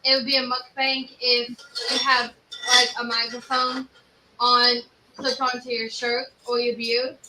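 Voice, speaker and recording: A woman's voice: on the high side, flat delivery, a little slow, bright, forceful tone. Teasing young woman in echoey room. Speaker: family member of host. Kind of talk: casual chat. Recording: echoey room from a distance, clear background noise.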